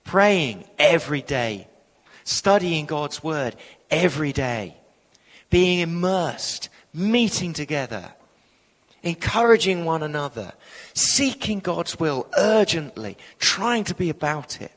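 Preacher in an echoing hall. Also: male voice, fairly high pitch, slow. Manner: animated storytelling, acting out quoted voices. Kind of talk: sermon. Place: church hall. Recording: long reverb of a church hall.

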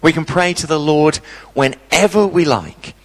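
A man preaching a sermon, telling a personal story with dramatic pauses. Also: a little high, in a large hall.

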